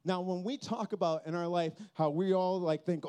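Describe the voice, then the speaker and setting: Young guy with a high voice preaching on stage, acts out the people in his story, gets loud then hushed. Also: normal speed, hardly any pauses, clean tone. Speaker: youth camp speaker. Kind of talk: animated storytelling sermon. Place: stage before a live audience.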